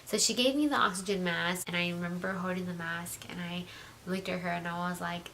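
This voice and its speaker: A young woman telling a personal story in a chatty vlog style, full of "like" fillers and slipping into a soft whisper. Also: lowish voice, fairly even intonation, fairly quick, a little hiss or hum. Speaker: vlogger.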